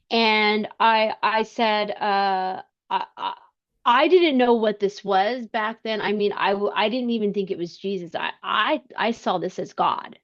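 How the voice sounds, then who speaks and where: A woman as a podcast guest, telling a personal story in conversation, earnest and halting with frequent restarts. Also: mid-range voice. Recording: slightly muffled lo-fi sound.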